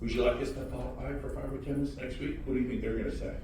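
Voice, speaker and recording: High-energy man in an echoey hall. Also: steady tone, racing, noisy background. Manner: high-energy, shouting and teasing the crowd. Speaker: real estate speaker addressing an audience. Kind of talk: motivational talk to a live audience. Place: large hall with audience. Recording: echoey hall, mic far off.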